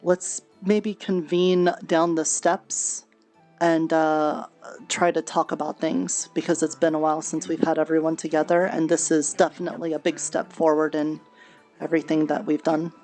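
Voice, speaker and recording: A woman's voice: low-pitched, flat delivery, normal speed, darkish tone, faint music behind. A woman speaking in character during an online roleplay, with a quirk of adding extra plurals to words. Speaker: roleplay player.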